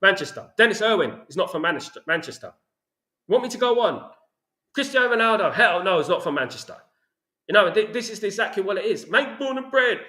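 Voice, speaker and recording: A man's voice: high-pitched, very animated, fairly quick, bright, forceful tone, reverberant. A man with a London accent hosting a football channel, ranting about his club in a passionate, repetitive way. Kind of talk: opinionated fan commentary.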